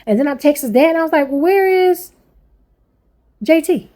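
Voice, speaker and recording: A woman's voice: high-pitched, animated, moderate pace, warm tone. A woman in her forties venting angrily to camera as a parent, blunt, swearing heavily and repeating herself. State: angry. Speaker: parent vlogger.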